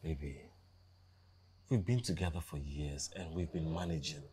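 A man's voice: a bass voice, moderate pace, dark tone, slight background noise. An actor with a Nigerian accent playing a broke young graduate in his twenties, pleading with his girlfriend, in a film drama. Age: 20s. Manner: pleading, wounded. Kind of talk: Nollywood film acting.

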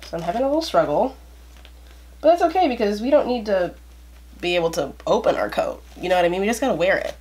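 A woman's voice: medium pitch, animated, fast, darkish tone. A teenage girl rambling in a casual, chatty way through an unboxing, full of fillers. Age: teens. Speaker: vlogger.

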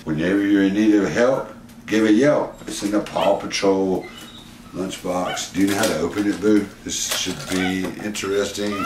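A man's voice: sits low, steady tone, moderate pace. A man talking affectionately to his pet at home, laughing often. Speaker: pet owner and channel host. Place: indoors at home. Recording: echoey room with background noise.

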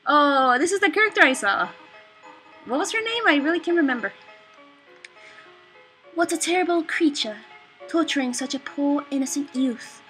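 Excitable young woman gaming. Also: high-pitched, moderate pace, pauses often, soft background music. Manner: excitable, animated reactions. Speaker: gamer. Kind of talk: let's play commentary.

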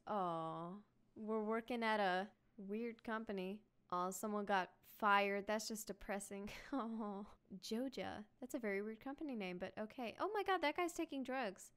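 A young woman hosting a let's-play, reacting in a bubbly, giggly, excitable way while she plays. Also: on the high side, normal speed, clear, resonant tone. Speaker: gaming video host.

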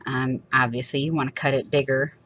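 A woman's voice: rumbling low, level tone, fairly quick, a bit bright, slight background noise. A woman, chatting casually and rambling with laughs while she crafts for her channel. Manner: rambling, chatty, laughs often, acts out little quoted voices.

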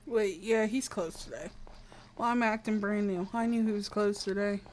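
A young American woman from the East Coast chats casually and playfully while streaming a game, admitting she's a bit dramatic. Her mid-range voice has fairly even intonation and a normal speed, with slight background noise.

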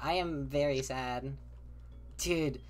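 A woman hosts a casual game session over a voice call. Her voice sits low and she talks in excitable bursts, cursing freely and cutting across her friends. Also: takes it slowly, faint music behind. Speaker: host and player. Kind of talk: casual let's-play chat.

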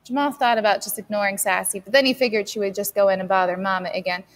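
A woman's voice: medium pitch, fairly even intonation, fast talker. A woman steadily narrating a novel as an audiobook reader. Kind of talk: scripted narration.

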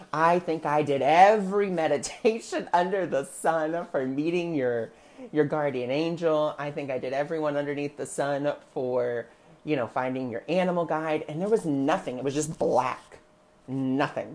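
A woman working as a spiritual guide, chatting on a livestream, greeting viewers by name and telling a personal story in an animated way. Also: extremely low pitch. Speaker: spiritual guide who sees clients.

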